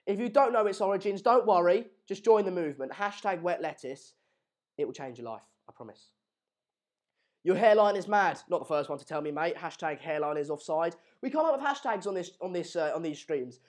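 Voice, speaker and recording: A young man from England runs a football watchalong stream and chats loosely with his viewers. His voice sits a touch high, and his talk wanders with restarts and jokes. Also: lively intonation, brisk. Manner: jokey banter, rambling with fillers and restarts. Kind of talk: live stream chat reading comments. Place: home room in Madrid.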